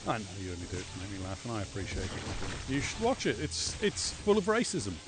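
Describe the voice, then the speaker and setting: A man's voice: on the low side, wildly swooping pitch, fast, background noise. Rambling sardonic gaming streamer, man. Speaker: game streamer. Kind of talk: casual gameplay chat.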